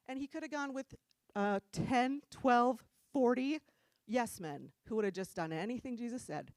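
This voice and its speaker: A middle-aged woman from New Jersey preaching in a church room, telling stories in a casual, animated way and laughing often. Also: on the high side, moderate pace, dry recording. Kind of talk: casual storytelling sermon.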